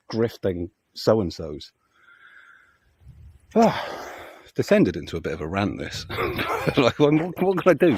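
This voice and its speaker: Furious swearing man, low voice. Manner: heated, sweary, jumps to loud outbursts. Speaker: political commentary vlogger. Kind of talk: angry profane rant.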